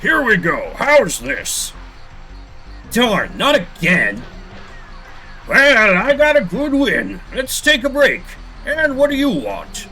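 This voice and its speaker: A man voicing a brash male gatekeeper in a video game, blustering and shouting. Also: very high voice, huge pitch swings, slow, soft background music, voice pushed up, heavily acted, rough recording. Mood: gruff.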